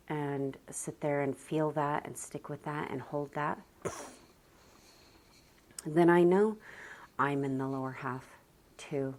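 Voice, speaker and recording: A woman who homeschools her children, talking casually to the camera in a calm, soft-spoken and reflective way, with sighs and a lot of "like". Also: sits low, slow pace, pauses often. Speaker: homeschooling mother and parenting vlogger.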